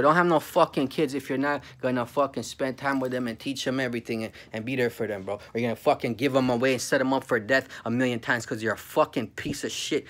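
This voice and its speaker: A man's voice: mid-range voice, a bit bright. Angry ranting man. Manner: heated, profane, repeats 'bro'. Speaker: vlogger. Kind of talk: angry profane rant to camera.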